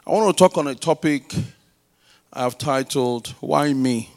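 A middle-aged male pastor preaching a sermon, praying aloud, calling for responses and telling stories with loud, emphatic swells. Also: mid-range voice, unhurried. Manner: prays aloud and uses call-and-response with the congregation.

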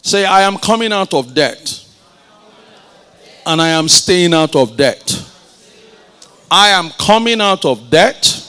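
A man's voice: high-pitched, animated, slow pace, pauses often, sharp tone, clear, resonant tone. A male pastor preaching a sermon, leading his congregation in call-and-response and repeating his phrases.

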